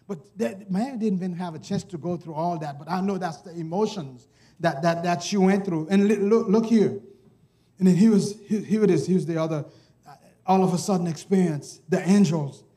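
A man preaching a sermon, emphatic, repeatedly urging "listen", swinging from hushed asides to shouted lines. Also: high-pitched, a little fast. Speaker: pastor. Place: church service.

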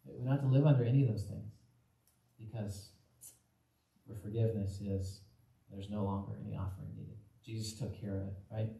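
A man's voice: on the low side, steady tone, quick pace, warm tone, roomy sound, poor audio. A man preaching a casual, conversational sermon as pastor, with many fillers and restarts and acted-out quotes. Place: church sanctuary.

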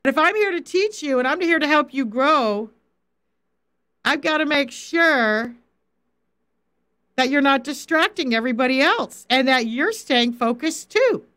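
A woman's voice: sits high, animated, unhurried, a bit bright. A middle-aged woman, a faith coach, giving a Bible teaching on a livestream and talking firmly and directly to viewers in the chat. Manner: direct, firm, talks straight to viewers in the chat.

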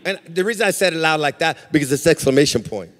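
A male pastor preaching a sermon in a sing-song cadence that swells into shouts, acting out quotes as he goes. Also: on the high side, animated, quick pace. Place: church sanctuary. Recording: reverberant church hall.

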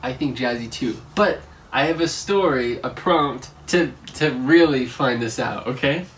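A man's voice: mid-range voice, measured pace, fairly bright tone, recorded from a distance, a little hiss or hum. A young man co-hosting a couple's vlog, chatting casually and teasing through a party game, laughing often. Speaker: co-host of a couple channel.

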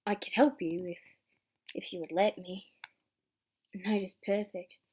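A young woman voicing a lonely grown male horse, speaking low and wistfully. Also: fairly even intonation, unhurried, a little mellow, slightly rough.

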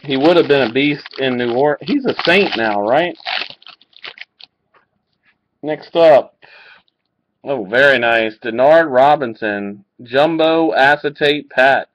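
A man rips card packs on a live webcam break, calling each card in a slow, unhurried way and getting excited over good pulls. His voice comes through a muffled, lo-fi webcam mic. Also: medium pitch. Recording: dull lo-fi webcam audio.

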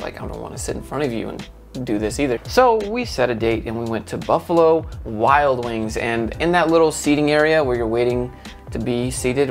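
A man hosting his own video channel, telling a dating story in a casual, animated way. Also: medium pitch. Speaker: YouTube host.

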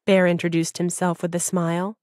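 A woman narrating a children's audiobook in an expressive storytelling voice. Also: fairly low pitch, fairly quick, no room sound, studio quality.

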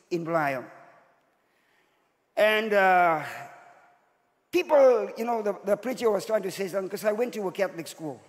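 A man in his sixties from Zimbabwe, preaching a sermon as a bishop and telling his story with sudden rises as he acts out the voices in it. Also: high voice. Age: 60s. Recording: long hall reverb.

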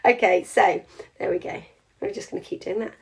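A woman's voice: mid-range voice, fairly even intonation, a little fast, creaky. A woman, teaching a jewellery craft in a chatty live demonstration and explaining each step as she works. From England.

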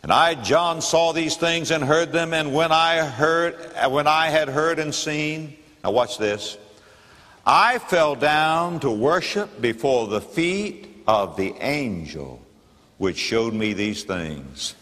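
A man's voice: on the high side, lively intonation, slow, fairly bright tone. A man with a Southern American accent, a pastor preaching an emphatic sermon in a church and repeating key phrases for weight. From Florida, United States. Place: church sanctuary. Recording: reverberant church hall.

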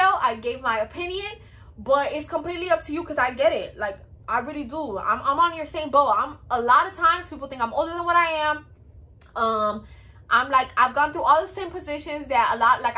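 A woman in her twenties with a Hispanic American English accent and a high, sharp-toned voice gives work advice in a vlog. Her style is chatty, peppy, and repetitive.

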